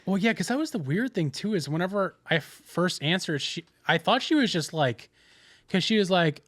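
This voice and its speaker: A man's voice: sits high, lively intonation, normal speed, a bit bright, dry recording. A young man, a podcast co-host telling a rambling story in casual chat with many restarts.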